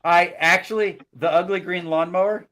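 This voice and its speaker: A man's voice: sits high, fairly even intonation, moderate pace, sharp tone. A man hosting a live stream chat, joking and laughing at his own lines, heard over a video call. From United States. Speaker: host.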